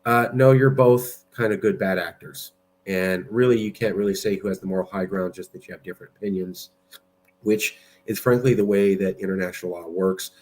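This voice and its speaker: A man's voice: sits low, steady tone, a little fast, a little mellow. A man giving blunt, argumentative political commentary while sharing his screen. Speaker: political movement president.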